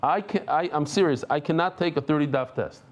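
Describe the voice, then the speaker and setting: Lively man teaching Talmud, slightly high voice. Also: a little fast. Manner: lively, jumps between thoughts, self-interrupting; banters with listeners in the room. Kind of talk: daily Talmud lecture to a live audience.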